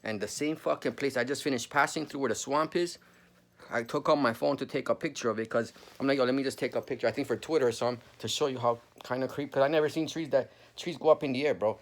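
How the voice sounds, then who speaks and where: A man's voice: mid-range voice, fast talker. A man, telling a story casually, full of slang and swearing. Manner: slangy, swears a lot, says bro often.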